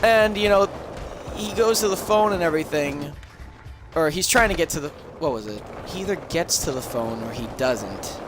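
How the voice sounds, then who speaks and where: A man's voice: on the high side, lively intonation, normal speed, music in the background. A man casually retelling a movie plot on a game stream, rambling and swearing with many fillers. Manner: rambling, profane storytelling with lots of fillers. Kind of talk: casual chat. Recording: crackly audio with background noise.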